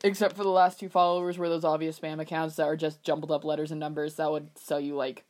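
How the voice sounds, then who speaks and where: Joking young woman, low voice. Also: level tone, fast, a little mellow. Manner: joking, sarcastic, swears casually. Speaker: podcast co-host. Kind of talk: casual chat.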